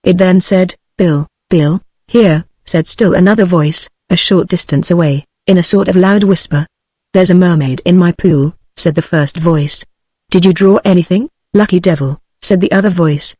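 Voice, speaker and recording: A text-to-speech woman's voice with a British English accent, reading a novel aloud in an even, steady way. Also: lowish voice, moderate pace, dry recording. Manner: even, steady synthetic delivery. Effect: synthetic text-to-speech voice. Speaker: audiobook narrator.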